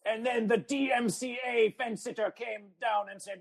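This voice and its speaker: Over poor phone app audio, a man with a high-pitched, creaky voice talks at a moderate pace with few pauses. He hosts an absurdist comedy podcast, speaking of himself in the third person, formally and without contractions, chanting his catchphrases.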